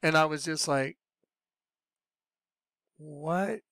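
A man telling his personal religious testimony in a lively storytelling way, acting out what he said back then. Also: fairly high pitch, normal speed, clean tone, dry recording, studio quality. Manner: animated storyteller, acts out his own past voice. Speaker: speaker sharing a religious testimony.

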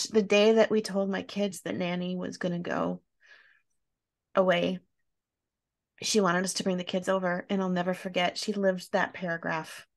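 Woman podcast host, soft and reflective, gets quiet when she's close to tears. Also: on the low side, vocal fry. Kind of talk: heartfelt interview conversation.

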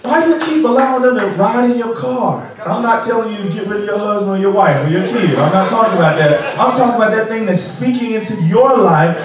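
A man's voice: high voice, fast, few pauses, a crowd in the background. A man preaching a sermon as pastor, pressing his congregation with repeated rhetorical questions. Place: large church sanctuary. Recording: echoey sanctuary from far off.

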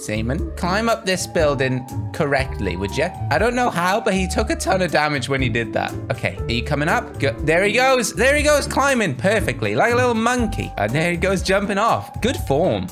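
An excitable man from Wales commentates on a game, laughing and calling out to the characters on screen. His pitch swings widely, and it often shoots up sharply. Game music plays clearly behind him. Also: moderate pace, few pauses. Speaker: gaming YouTuber.

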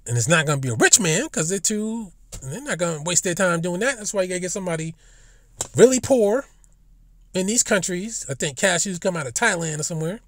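A man talks in a rambling, profane monologue. His voice sits a bit high, and he often slips into acted-out lines of imagined dialogue. The sound is dry and close, as if from a phone in an online audio room. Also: lively intonation, a little fast, no room sound. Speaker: live audio room speaker. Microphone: phone or headset in an online audio room.

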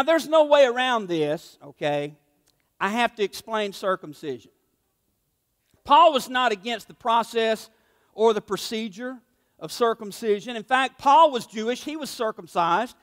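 A man's voice: extremely high pitch, expressive, moderate pace, a bit bright, big-room sound. A male pastor preaching a sermon, emphatic and conversational, acting out the voices in his stories. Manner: emphatic, conversational, acts out quotes.

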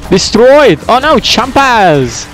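A man giving excitable let's-play commentary, whooping and shouting at the game as he plays. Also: very high-pitched, slow, soft background music. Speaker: gaming commentator.

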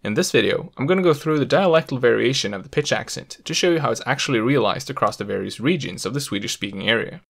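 Gravelly-voiced man explaining linguistics. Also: mid-range voice, animated, quick pace, few pauses. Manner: clear, methodical explaining with light humor. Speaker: host of a language education channel. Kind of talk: scripted educational explainer.

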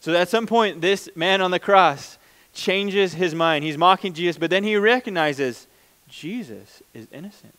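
A man's voice: sits high, measured pace, hardly any pauses, fairly bright tone, clear, resonant tone. A man preaching a conversational sermon as pastor, plain-spoken and informal, often restarting mid-sentence.

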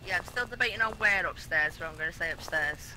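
A woman playing a ghost-hunting game with friends, making quick, excited calls to the team. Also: lowish voice. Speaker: fellow player. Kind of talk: casual gaming chat. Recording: noisy online voice chat.

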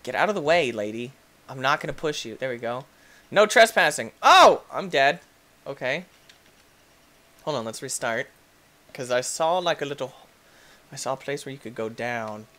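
A young man giving excitable let's-play commentary as a gaming YouTuber, yelping and shrieking when things go wrong. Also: medium pitch, normal speed, long pauses. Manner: excitable, yelps and shrieks at in-game deaths.

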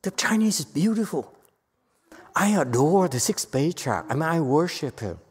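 A woman giving a Buddhist Dharma lecture to a live audience. She is emphatic and playful, swinging from quiet asides to loud outbursts. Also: low voice, very animated, moderate pace. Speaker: Buddhist teacher. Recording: echoey hall with long reverb.

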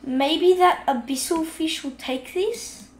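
A woman giving casual gameplay commentary, chatting along and scolding the fish in the game out loud while she has the hiccups. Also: very high-pitched, slow pace, roomy sound, slight background noise. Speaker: gaming video host.

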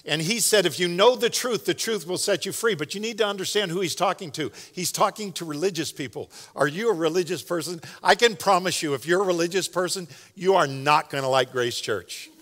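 Joking pastor preaching in a reverberant church. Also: male voice, sits high, brisk, hardly any pauses, fairly bright tone. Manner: casual, joking, conversational preaching. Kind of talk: sermon. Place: large church sanctuary. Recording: long hall reverb.

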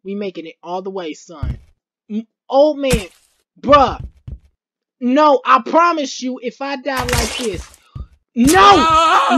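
A woman hosting a gaming video, commentating a let's play with excited yelps, shouts and slangy chatter. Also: high-pitched, a little hiss or hum. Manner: slangy, repeats phrases rapidly.

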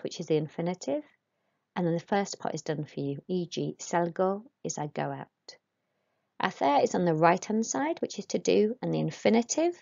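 Woman teacher, lowish voice, patient and clear, dull lo-fi recording. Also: darkish tone. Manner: clear, patient instructions with Spanish modelled aloud. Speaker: Spanish teacher. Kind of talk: recorded online lesson.

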